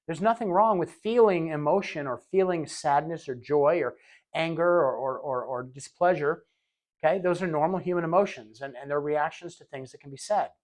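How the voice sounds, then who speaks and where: A man with a slightly high voice leads a recorded training lesson for healthcare aides. His delivery is casual and conversational, full of repeated words as he restarts sentences. He keeps slipping into short acted-out scenes to show what he means. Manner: conversational, acts out little scenes in quoted voices.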